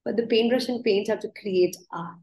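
A woman yoga teacher, appearing as a podcast guest, tells reflective personal stories in an interview, earnest and often restarting her words with a laugh. Her warm, medium-pitched voice moves at a moderate pace, and the rough recording is reverberant.

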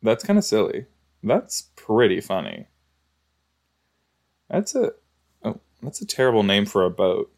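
A man's voice: lowish voice, sing-song, unhurried, pauses often, a little mellow. A man giving casual, exclamatory commentary while reacting to a show, talking back to the screen. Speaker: reaction video host.

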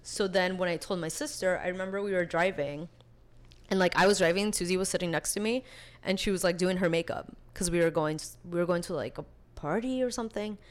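A woman in her twenties, a podcast guest, telling her story in casual, chatty talk full of "like", lively and animated as she retells it. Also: lowish voice, brisk. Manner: chatty, peppers speech with "like".

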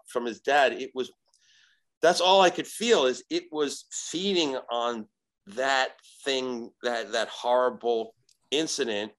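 A man telling a story as a podcast guest, animated and profane, acting out the voices in it. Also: mid-range voice, rough recording. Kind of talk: casual storytelling.

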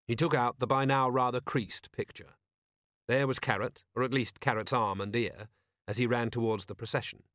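A man's voice: mid-range voice, fairly even intonation, a bit bright, no room sound. Male audiobook narrator, dry and close. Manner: measured, storytelling. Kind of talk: scripted narration.

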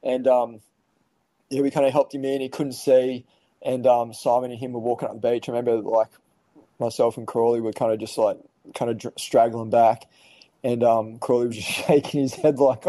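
Aussie bloke yarning on a podcast, really deep mellow voice, swears a lot. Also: male voice, flat delivery, normal speed, no room sound, low-quality recording. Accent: Australian. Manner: laid-back, swears freely, lots of fillers. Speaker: podcast guest. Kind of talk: casual storytelling.

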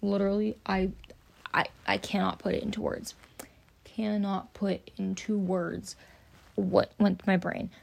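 A woman's voice: medium pitch, flat delivery, a little slow, gravelly, a little hiss or hum. A young woman telling rambling, profane work anecdotes in casual storytelling. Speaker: podcast host.

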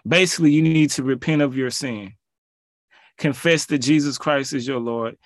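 A man's voice: medium pitch, moderate pace, no echo, clean studio sound. A man preaching and reading scripture aloud, pleading with listeners and mixing in casual asides. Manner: pleading, rising to emphatic peaks; informal, colloquial asides.

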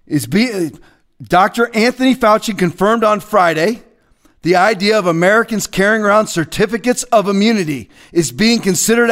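A pastor delivers a fiery, confrontational rant from the pulpit, his voice sitting high as he swings between shouting and hushed asides.

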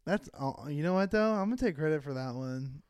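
A man's voice: a little high, lively intonation, fairly quick, darkish tone, clean tone, no echo. A young adult man, a comedian co-hosting a podcast, chatting casually, swearing and poking fun at himself. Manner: self-deprecating, swears casually, laughs at himself. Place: podcast recording space.

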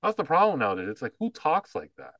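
A man's voice: on the high side, huge pitch swings, fast talker, a bit bright, no echo. A man co-hosting a podcast in casual chat, blunt and profane, rambling with many fillers. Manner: mocking voices when quoting others. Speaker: podcast co-host.

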